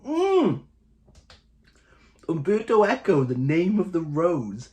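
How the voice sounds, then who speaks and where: Young Welsh Valleys man, casual chatty book host, jokey, pitch that bounces around. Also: huge pitch swings, slow, mellow. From Wales. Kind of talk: casual chat to camera.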